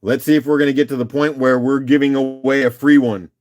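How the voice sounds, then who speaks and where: A man's voice: medium pitch, level tone, fast, darkish tone. A man hosting a casual live-stream rock auction, upbeat and chatty, calling out bids and laughing often.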